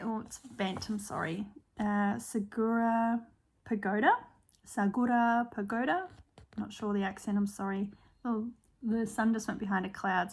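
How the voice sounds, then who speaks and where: A woman's voice: a little high, darkish tone. An Australian woman chatting casually on her own stitching channel, showing her projects with frequent ums and small apologies. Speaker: cross-stitch vlogger. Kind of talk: casual show-and-tell chat.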